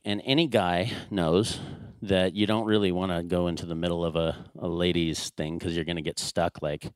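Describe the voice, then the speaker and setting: A man with a fairly low voice tells a family story from the pulpit. He is animated and acts out the quoted lines. The sound is dry and close. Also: clear, resonant tone, dry recording. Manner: animated storytelling, acts out his own raised dad voice. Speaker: church speaker. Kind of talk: sermon storytelling.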